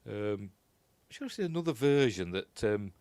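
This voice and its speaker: A man's voice: on the low side, big pitch swings, normal speed, a little mellow, no echo. A man with a Yorkshire accent giving a casual, rambling commentary while watching a film, often unsure of himself and chuckling at his own asides. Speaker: film reviewer.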